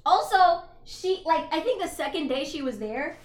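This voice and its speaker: A woman's voice: high-pitched, normal speed, reverberant. A young woman co-hosting a podcast, retelling a film's plot in a casual chat, acting out the characters' lines and swearing freely. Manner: animated retelling with quoted dialogue, swearing, laughing. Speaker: podcast co-host. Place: apartment.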